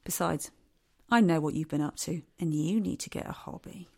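A man's voice: fairly high pitch, moderate pace, gravelly, voice pushed down. A man voicing his own subconscious as a needling, sarcastic inner voice in a comedy podcast. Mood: teasing. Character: mocking male inner voice, teasing.

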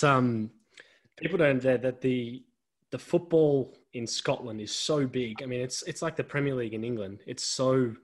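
A young man from Australia hosting a podcast, asking a guest questions in casual, hesitant chat. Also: mid-range voice. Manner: hesitant, many fillers and restarts while asking questions. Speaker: podcast host.

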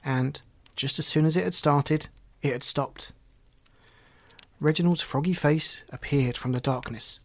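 A man narrating a children's storybook in an even, unhurried way. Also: medium pitch.

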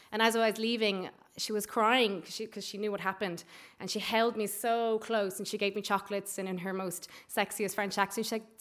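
A woman's voice: mid-range voice, a bit bright. A young Irish woman telling a personal true story on stage, speaking conversationally with plenty of "like" and "you know". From Ireland.

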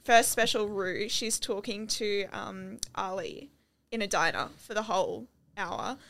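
A young woman chatting casually as a podcast co-host, eager and quick to react. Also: medium pitch, animated, gravelly, fairly bright tone. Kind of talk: casual chat.

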